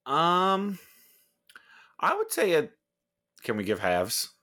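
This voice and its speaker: A man's voice: a little high, huge pitch swings, takes it slowly, sharp tone. A man co-hosting a podcast, giving casual, laid-back opinions on a movie. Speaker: podcast co-host. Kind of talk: casual movie review chat.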